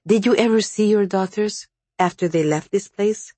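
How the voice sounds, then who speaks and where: A woman's voice: mid-range voice, moderate pace, warm tone, dry recording, pitched above the performer's own voice, close to an everyday voice. A woman voicing a defiant young heroine. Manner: earnest and challenging.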